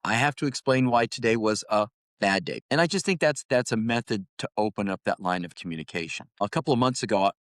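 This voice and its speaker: A middle-aged man, a retired highway patrol officer, telling stories in a casual interview and often repeating words as he starts a thought. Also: fast, no echo, studio quality. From Ohio, United States. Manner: storytelling, animated, repeats words when starting.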